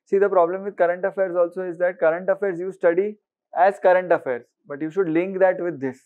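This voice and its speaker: Brisk and high-voiced, with fairly even intonation and a phone-quality sound, an Indian English-accented man lectures for exam prep. His style is questioning, sprinkled with Hindi, and repetitive for emphasis.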